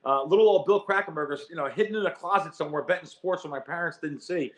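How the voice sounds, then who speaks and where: A middle-aged man telling his story as a guest in a podcast interview, animated and repeating words as he gets going. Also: fairly high pitch, fast. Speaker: guest, sports bettor.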